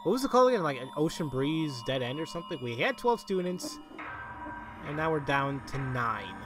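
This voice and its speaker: A man doing casual let's play commentary, excitable and prone to shouting, then rambling with restarts as he reflects. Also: a little high, brisk, over loud music. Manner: excitable, breaks into shouts and laughter. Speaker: let's player.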